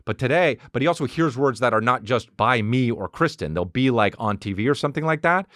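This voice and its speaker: Comedian host with a lively, swooping voice, dry close mic, profane rant delivery. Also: male voice, a little fast, no echo. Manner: profane, animated, riffs into mocking high-pitched character voices. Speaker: podcast host. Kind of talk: solo comedic podcast rant.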